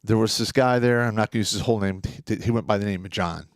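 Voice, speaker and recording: A man's voice: lowish voice, fast, no room sound, clean studio sound. A man co-hosting a live podcast, telling a story in a blunt, profane, casual way. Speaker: podcast co-host.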